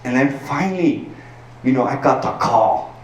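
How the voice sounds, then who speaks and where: A man from El Paso, Texas, telling stand-up stories in an animated, profane way, full of "like" and "dude". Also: medium pitch, moderate pace, lo-fi sound. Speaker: stand-up comedian. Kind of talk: stand-up storytelling. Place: packed garage show. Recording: roomy sound from a distant mic.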